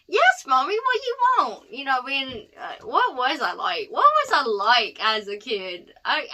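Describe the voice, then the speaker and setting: A woman's voice: high voice, bright, forceful tone. A young woman telling a personal story in a chatty, heartfelt vlog, rambling with asides. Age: young adult. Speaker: vlogger.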